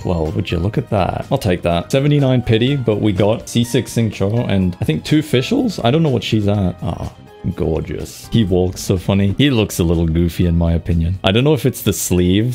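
A man's voice: fairly low pitch, expressive, normal speed, creaky, warm tone, faint music behind. A young man giving casual, swear-laden gameplay commentary with playful sound effects. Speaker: gaming streamer.

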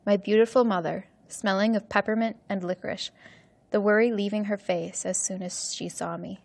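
A woman teacher reading a story aloud for English learners, slowly and carefully. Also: medium pitch, steady tone, creaky, a little mellow.

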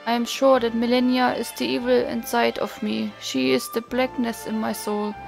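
A woman's voice: a little high, flat delivery, moderate pace, creaky, over music. A woman with a German accent reading the lines of an earnest young female songstress who speaks formally and solemnly. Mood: troubled.

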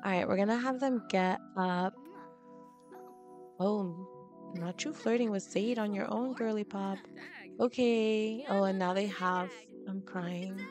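A woman's voice: mid-range voice, fairly even intonation, takes it slowly, music in the background. A young woman giving casual commentary over a life-sim game, giggly and reactive, laughing and exclaiming often. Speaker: let's play host.

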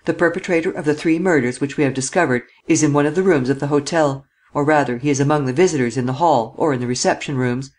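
A man's voice: a little high, quick pace, hardly any pauses, darkish tone, natural voice. A man reading an audiobook and voicing a short-tempered chief detective who snaps out orders. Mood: curt. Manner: curt, commanding. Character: curt ill-tempered male chief detective.

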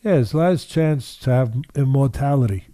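Older guy, mellow voice, dry recording, hammers points by saying them again. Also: mid-range voice, moderate pace, no room sound. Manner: emphatic, repeats phrases for weight. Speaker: boxing trainer, guest. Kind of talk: interview storytelling.

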